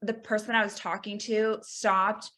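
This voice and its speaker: A woman's voice: medium pitch, level tone, moderate pace, bright, forceful tone. A woman hosting a webinar conversation, introducing a mentor and asking questions in an encouraging way, often saying "you know". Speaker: webinar host. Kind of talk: webinar moderation.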